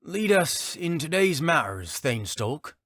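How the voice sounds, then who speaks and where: A dutiful male scout with a rough voice, as a man plays him, formal and eager to serve, pitched a little high and loud. The narration is close and dry. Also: sing-song, slow pace, no echo, exaggerated voice.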